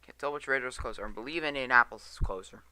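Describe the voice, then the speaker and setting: A man's voice: mid-range voice, racing, bright, forceful tone, clean tone, dry recording. A tired man giving live weather radar commentary, reading storm warnings aloud and stumbling over place names. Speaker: storm chaser livestreamer.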